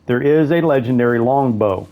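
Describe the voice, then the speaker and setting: A man's voice: medium pitch, moderate pace, dull audio. A man giving casual let's-play commentary, rambling and thinking aloud as he plays, correcting himself as he goes. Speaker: gameplay commentator.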